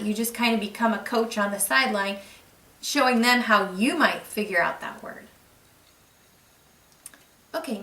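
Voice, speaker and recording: A woman's voice: a little high, pushed and bright. A woman explaining to parents how to read with their child, patient and encouraging as she demonstrates. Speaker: reading teacher. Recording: echoey room, mic far off.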